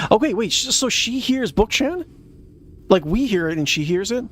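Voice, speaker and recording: A man's voice: high-pitched, expressive, moderate pace, a bit bright. A man live-streaming a game, reacting with puzzled, chatty comments to the story.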